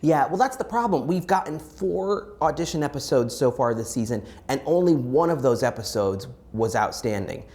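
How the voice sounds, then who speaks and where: Wry hoarse woman with a low voice. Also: animated, mellow. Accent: American. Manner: wry and dramatic, given to quick jokes. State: hoarse from a chest infection. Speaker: co-host of recap show. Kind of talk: casual critique chat.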